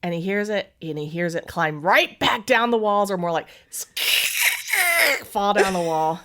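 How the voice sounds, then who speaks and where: A woman's voice: medium pitch, big pitch swings, slow, sharp tone. A woman telling a funny story in casual chat, laughing often and acting out what her husband said. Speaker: podcast co-host telling a story.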